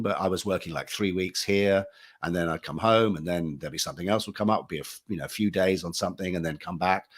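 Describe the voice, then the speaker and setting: A man's voice: lowish voice, fairly bright tone. A man, an actor and audiobook narrator speaking casually and anecdotally on a panel. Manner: conversational, anecdotal, with many restarts.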